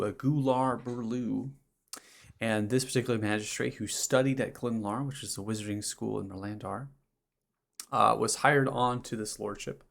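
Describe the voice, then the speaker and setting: A male game master walks the players through a summary of recent events in a tabletop game. His voice is low and gravelly. He rambles a little, circling back and filling pauses as he goes. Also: a bit bright. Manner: rambling summary with fillers and restarts.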